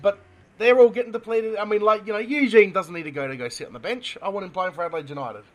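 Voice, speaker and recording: An Australian man co-hosting a casual sports chat podcast, excitable, laughing often and tripping over names. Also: high voice, fast. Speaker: podcast co-host.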